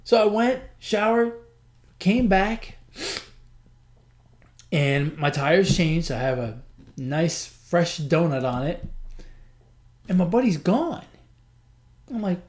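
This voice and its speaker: A man hosting a podcast, telling a personal story in a chatty, animated way and acting out the dialogue. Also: sits high, slow, long pauses. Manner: animated, acts out quoted dialogue; chatty, frequent "I'm like" and "he goes". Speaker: podcast host. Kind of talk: storytelling monologue.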